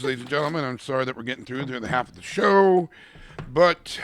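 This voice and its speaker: A man's voice: medium pitch, animated, brisk, a bit bright, a little hiss or hum. A man co-hosting a casual podcast, reading out calendar quotes in a rambling, self-correcting way and swearing now and then.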